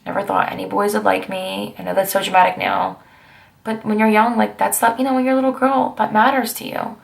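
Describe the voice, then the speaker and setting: A woman's voice: medium pitch, level tone, a little fast, vocal fry. A woman in her twenties talking through personal memories in a chatty, rambling vlog, breaking into sassy asides along the way. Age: 20s. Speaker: vlogger.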